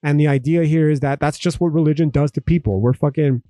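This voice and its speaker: A man's voice: on the high side, quick pace, mellow, dry recording, clean studio sound. A young man from Texas hosting a solo podcast, ranting emphatically with heavy profanity and frequent restarts. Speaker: podcast host. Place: home room.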